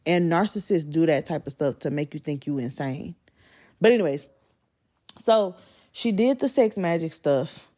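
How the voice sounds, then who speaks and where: A woman's voice: low-pitched, expressive, moderate pace, mellow. A woman, telling a candid, profane story and acting out quotes. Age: 20s. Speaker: storyteller vlogger. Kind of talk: casual storytime.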